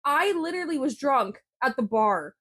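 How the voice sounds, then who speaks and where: A young woman co-hosting a podcast in casual chat, animated, swearing freely and laughing often. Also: high-pitched, normal speed. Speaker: podcast co-host.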